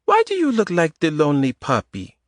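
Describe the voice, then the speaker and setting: A man's voice: fairly high pitch, wildly swooping pitch, brisk, dry recording, pitched above the performer's own voice. A teasing, lithe young woman from an audiobook, her light Eastern European accent bending her clipped, blunt lines, as a male narrator puts her on. The voice sits well above his own and has a timbre unlike his, with a close, dry sound. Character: woman in her early thirties, lithe yoga lover, teasing.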